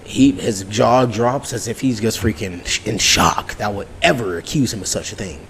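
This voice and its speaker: A male podcast host telling a story in casual, animated talk, swearing freely and acting out the dialogue. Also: lowish voice, normal speed, slight background noise. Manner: animated, profane, acts out dialogue.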